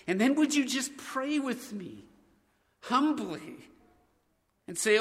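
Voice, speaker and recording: A man's voice: extremely high pitch, expressive, slow pace, pauses often, a bit bright, long reverb tail. A man preaching a sermon as pastor, speaking earnestly as he reads scripture aloud and leads his congregation in prayer.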